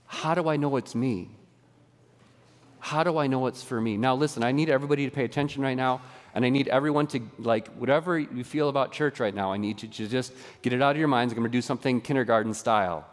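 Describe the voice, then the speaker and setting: A man preaching a sermon as pastor, lively and conversational, drawing the congregation into a call-and-response exercise. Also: medium pitch, quick pace, in a large hall. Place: church sanctuary.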